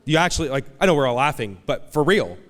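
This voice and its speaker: Animated pastor preaching in an echoing hall. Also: male voice, medium pitch, fast. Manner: conversational and animated, acting out quoted voices. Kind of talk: sermon. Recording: long hall reverb.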